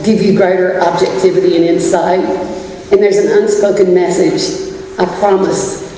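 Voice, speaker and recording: An older woman with a drawl delivers a keynote full of stories, laughing often at her own expense. Her voice is mellow and relaxed. It is picked up from across a large, echoing auditorium with a faint hum behind it. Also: lowish voice. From Louisiana. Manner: storytelling, self-deprecating, laughs often. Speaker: keynote speaker. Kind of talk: humorous keynote talk. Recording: echoey hall from far off, faint noise.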